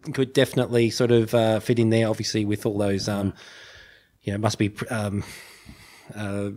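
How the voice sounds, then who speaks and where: A man in casual podcast chat, talking haltingly with many fillers and restarts. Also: fairly low pitch, completely flat delivery, darkish tone. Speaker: podcast co-host.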